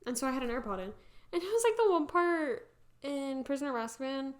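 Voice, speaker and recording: Young woman telling funny stories, kinda high, very up and down voice. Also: fast. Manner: animated storytelling with laughs. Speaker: podcast co-host. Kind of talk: casual fan chat.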